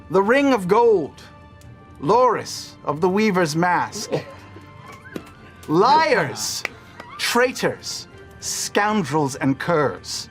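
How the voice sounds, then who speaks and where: A man voicing a grandiose male herald who reads the news in booming, theatrical proclamations. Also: fairly bright tone, full character voice. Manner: booming proclamations, dramatic pauses.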